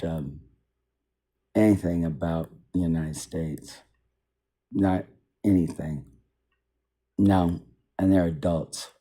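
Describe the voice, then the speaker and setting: A man's voice: sits low, warm tone, husky. A man giving an unscripted political monologue, rambling and repetitive, circling indignantly back to the same points. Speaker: political commentator.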